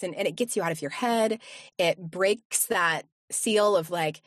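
A woman's voice: medium pitch, expressive, unhurried, a bit bright, no room sound, studio quality. A woman voice coach, a podcast guest, talking casually with many fillers and restarts. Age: adult with young kids. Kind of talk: casual interview chat.

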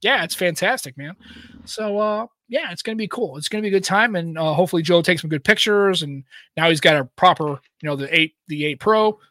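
A man's voice: high-pitched, fairly quick, a bit bright, no echo. An American man co-hosting a tech podcast, chatting casually, joking loosely and swearing. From United States. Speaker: podcast co-host. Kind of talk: casual chat.

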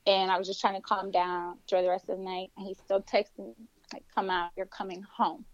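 A woman's voice: medium pitch, a little fast, no room sound, muffled recording. A young woman telling a personal story in casual conversation, acting out the voices of the people in it. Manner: animated, acts out quoted voices. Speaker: guest telling her story.

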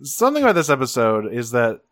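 A man co-hosting a casual talk show, recapping an animated episode with loose, profane rambling. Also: mid-range voice, quick pace, no room sound, studio quality. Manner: rambling, swearing, many restarts. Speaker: podcast co-host. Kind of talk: casual chat recapping a cartoon.

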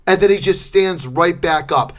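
A middle-aged man co-hosting a podcast, chatting casually and acting out scenes in loud, shouted bursts. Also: high voice, normal speed. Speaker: podcast co-host. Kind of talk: casual chat.

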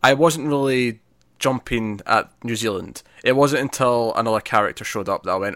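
A man's voice: mid-range voice, normal speed, fairly bright tone, no room sound, studio quality. A man co-hosting a casual movie review podcast, rambling and correcting himself, often laughing. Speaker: podcast co-host.

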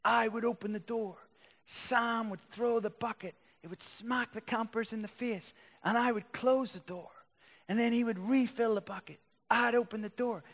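A man's voice: very high-pitched, fairly even intonation, normal speed, vocal fry, a bit bright, long reverb tail. A man preaching a sermon, telling stories animatedly and building to emphatic lists. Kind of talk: sermon with storytelling.

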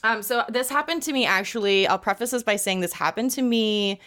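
A young woman co-hosting a podcast in loose, casual chat. She laughs a lot, swears freely and keeps a playful tone. Her pitch sits in the middle. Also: brisk, a bit bright. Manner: laughs often, profane and playful. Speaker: podcast co-host.

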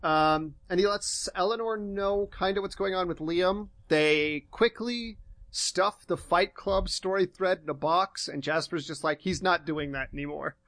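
A young man co-hosting a podcast, casually recapping a TV episode in a relaxed, meandering way. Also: high-pitched, a little slow, no echo. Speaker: podcast co-host.

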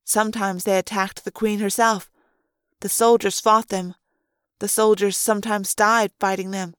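A woman's voice: medium pitch, level tone, normal speed, a bit bright, no echo, studio quality. A woman reading a novel aloud in the first person, with tense, dramatic delivery.

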